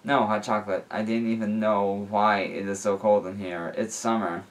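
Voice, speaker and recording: A man's voice: on the low side, little pitch movement, normal speed, natural voice. A man reading as an affectionate young lover. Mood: casual. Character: young adult man, the narrator's eager lover.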